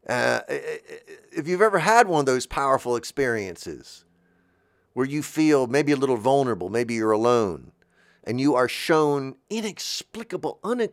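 A man hosting a show, talking in a gentle, meandering monologue and often searching for his words. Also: mid-range voice, expressive, moderate pace, gravelly, no echo, clean studio sound. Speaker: host.

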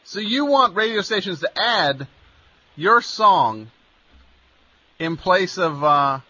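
A man's voice: sits high, big pitch swings, takes it slowly, sharp tone, muffled recording. A male radio host talking with a caller in a sarcastic, incredulous way, often stammering. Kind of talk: radio call-in chat.

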